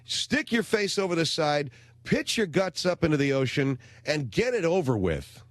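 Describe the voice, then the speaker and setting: A man's voice: on the high side, big pitch swings, moderate pace, dry recording. A middle-aged man hosting a radio show, telling a rambling, sardonic comic story in a studio. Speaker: radio talk show host. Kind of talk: comedic radio monologue.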